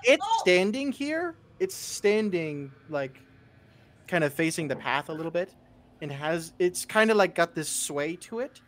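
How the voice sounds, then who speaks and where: A man's voice: sits high, big pitch swings, unhurried, fairly bright tone. A man narrating as game master of a tabletop game, describing scenes loosely with many fillers.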